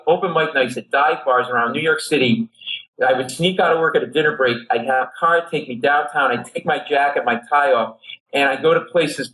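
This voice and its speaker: A middle-aged man from Rhode Island, a guest comedy writer telling a comic story, who acts out the people in it with big jumps in pitch. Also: fairly bright tone, rough recording.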